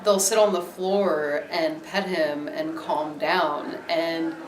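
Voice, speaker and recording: A woman's voice: sits low, steady tone, slow, a crowd in the background. Chatty young woman, echoey room. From Maryland, US. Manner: casual, chatty, many fillers, laughs easily. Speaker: interviewee, dog owner. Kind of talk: documentary interview.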